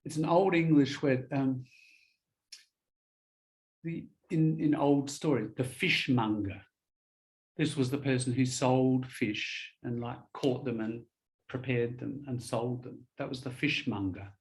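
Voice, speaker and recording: A man's voice: medium pitch, steady tone, measured pace, a little mellow, poor audio. Patient male English teacher. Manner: explains patiently, spells words out, many fillers. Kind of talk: conversational one-on-one lesson.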